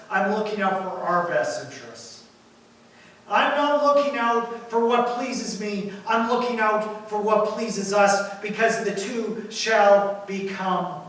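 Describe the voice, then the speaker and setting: A man preaching a sermon as pastor, emphatic, rising to loud points and dropping quiet again. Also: high-pitched, a little hiss or hum. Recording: echoey hall from far off.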